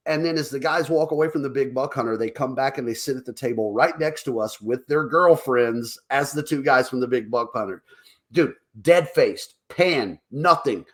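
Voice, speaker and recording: A man co-hosting a casual talk show, telling stories over drinks, acting out quotes in higher voices and laughing often. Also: moderate pace. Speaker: podcast co-host.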